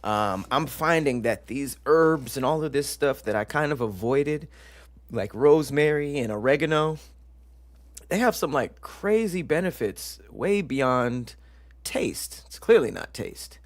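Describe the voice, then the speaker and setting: A man's voice: mid-range voice, lively intonation, measured pace, dry recording. A man hosting a casual live stream, joking with chat and stumbling over long science words as he reads them aloud. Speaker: livestream show host.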